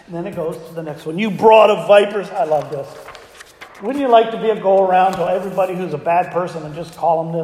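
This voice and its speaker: A man preaching a sermon to his congregation in a conversational way, asking them frequent rhetorical questions. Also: sits high. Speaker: pastor. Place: church sanctuary. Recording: echoey church hall with long reverb.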